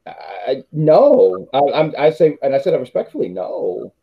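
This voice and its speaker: A man's voice: mid-range voice, huge pitch swings, measured pace, vocal fry, slightly rough. Rambling man, dull lo-fi sound. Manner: rambling, self-correcting, laughs often. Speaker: podcast co-host. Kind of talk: casual wrestling chat.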